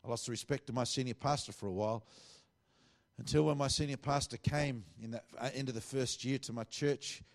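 A middle-aged man, a pastor, earnestly telling a testimony and acting out the dialogue he quotes. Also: on the low side.

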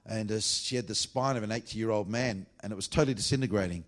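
An evangelist preacher, telling healing stories in a blunt, emphatic sermon. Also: male voice, lowish voice, fast. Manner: animated storytelling, blunt and emphatic.

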